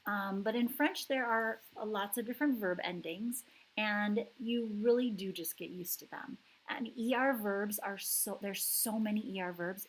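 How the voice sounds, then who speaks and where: A woman giving an online language lesson at an unhurried pace. Her voice is soft and a bit breathy, and she explains each step patiently, repeating words for practice. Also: medium pitch, poor audio. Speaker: French teacher.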